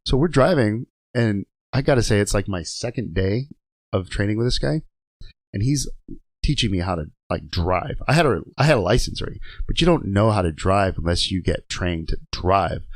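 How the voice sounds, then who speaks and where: A trucker guest in a podcast studio spins loose, profane road stories in a lowish man's voice. He rambles, swears freely and laughs through his own tales. The sound is close and dry. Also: expressive, normal speed, no room sound. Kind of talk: casual storytelling.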